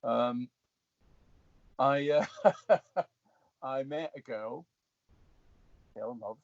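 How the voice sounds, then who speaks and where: A man's voice: medium pitch, very slow, dry recording. A Scottish actor, a man, telling long rambling stories in an interview, with many restarts. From Scotland. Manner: rambling, restarts, animated retelling. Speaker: guest actor. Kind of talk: storytelling in an interview. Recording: dull dry lo-fi sound.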